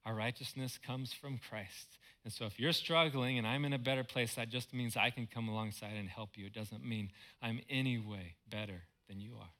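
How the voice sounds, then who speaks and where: A man's voice: mid-range voice, moderate pace, few pauses, sharp tone. A man, a pastor, preaching a sermon in earnest, repeating words for emphasis.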